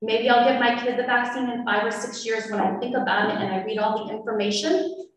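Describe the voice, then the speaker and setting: Speaking a little fast with fairly even intonation, a woman with a slightly high voice addresses the school board as a parent. Earnest at first, she becomes emotional and forceful; the echoey hall and distant mic carry slight background noise.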